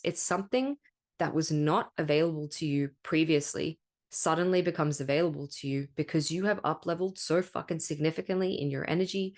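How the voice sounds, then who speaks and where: A woman hosting a spiritual podcast in a casual monologue, candid and emphatic, swearing freely and often tagging thoughts with "right?". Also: deep voice. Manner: spiritual coaching talk, rhetorical "right?". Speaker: podcast host.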